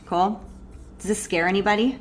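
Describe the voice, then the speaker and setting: A woman breathwork coach giving an animated, casual live online workshop, swearing freely and laughing often. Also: medium pitch, moderate pace.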